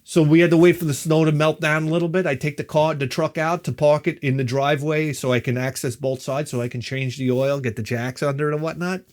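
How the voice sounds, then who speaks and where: A man's voice: a little high, fairly even intonation, a little fast, few pauses, darkish tone. Exasperated guy venting. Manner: exasperated, profane, wry. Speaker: vlogger. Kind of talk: profane storytelling rant.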